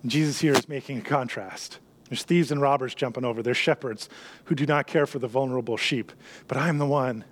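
A man preaching a sermon in an earnest way, often dropping to a soft hush on key lines. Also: mid-range voice, fairly quick, a little hiss or hum. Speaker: pastor.

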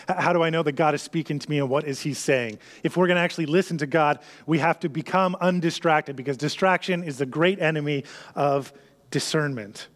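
Earnest preaching man, fairly high voice. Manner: earnest, drops to a soft hush on key lines. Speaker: pastor. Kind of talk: sermon.

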